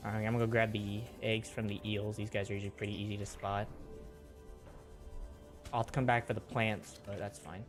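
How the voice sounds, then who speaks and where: A man with a fairly low voice talks himself through a game in a relaxed, chatty way. He swaps in mild minced oaths for stronger words. Soft music sits faintly underneath. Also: a little fast, pauses often. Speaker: streamer. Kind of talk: casual gameplay commentary.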